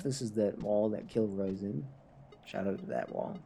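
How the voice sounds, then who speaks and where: Tipsy Canadian man rambling, lively pitch. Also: unhurried, gravelly, soft background music. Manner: rambling self-talk, chuckling at own jokes. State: tipsy from drinking. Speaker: streamer. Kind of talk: casual gameplay livestream chatter.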